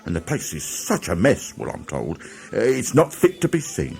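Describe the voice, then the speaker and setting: A man's voice: fairly low pitch, wildly swooping pitch, normal speed, gravelly, darkish tone, faint music behind, heavily acted. A man voicing a fussy, anxious male water rat in an audiobook reading, scolding and exasperated. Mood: indignant gossip.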